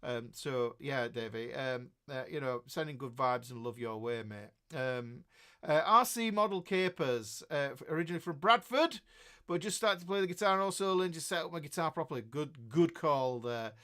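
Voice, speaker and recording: A man's voice: medium pitch, lively intonation, normal speed, sharp tone, smooth. A man in his fifties with a Northern English accent, a guitar teacher chatting casually on a live stream as he reads out viewers' comments, rambling with many restarts and chuckles. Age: 50s.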